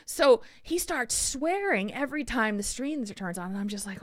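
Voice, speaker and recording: A woman podcast co-host telling a story in casual chat, animated and acting out the people in it. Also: a little high, normal speed, hardly any pauses, no echo, studio quality.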